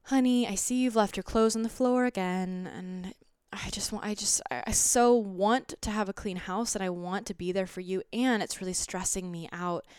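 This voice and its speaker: A woman voicing a calm, earnest wife carefully explaining her feelings to her partner in soft, therapeutic phrasing. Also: mid-range voice, normal speed, hardly any pauses, smooth, no room sound, clean studio sound, close to an everyday voice. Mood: earnest gentle.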